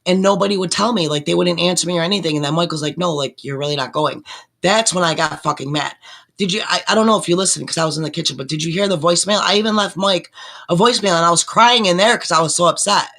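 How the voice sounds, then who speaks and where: A woman's voice: on the low side, fast, creaky, a bit bright. A woman in her sixties, a nurse and panelist, rambling through an emotional explanation in casual chat.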